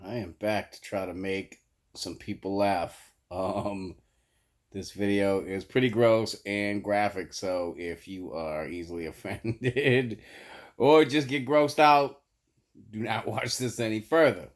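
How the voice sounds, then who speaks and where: Profane, animated man telling a story. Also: fairly low pitch, takes it slowly. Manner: profane, animated, laughs mid-sentence. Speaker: storyteller vlogger. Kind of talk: casual comic storytelling.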